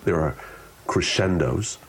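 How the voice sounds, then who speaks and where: This man's voice sits low and moves at a slow pace. Interviewed about public speaking, he explains it expressively, altering his delivery to demonstrate different ways of saying things.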